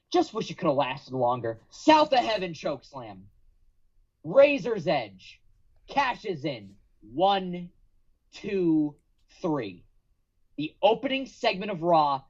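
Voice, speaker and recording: A man on a podcast, telling a long story with drama and acting out the lines of others, with some swearing. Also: fairly high pitch. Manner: dramatic, acts out quotes, profane. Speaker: podcast guest. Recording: dull lo-fi podcast audio.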